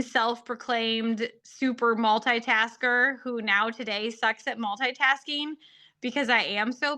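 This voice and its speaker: A woman's voice: fairly high pitch, pushed and bright. A woman hosting a faith-based podcast, talking earnestly and heartfelt in a casual monologue, with plenty of "like" and "um". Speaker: podcast host and faith-based marriage coach.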